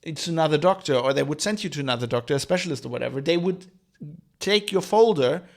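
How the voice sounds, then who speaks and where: Gravelly man ranting on a podcast. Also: a little high, expressive, quick pace. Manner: ranting, sarcastic, swears freely. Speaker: podcast host. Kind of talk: solo podcast monologue.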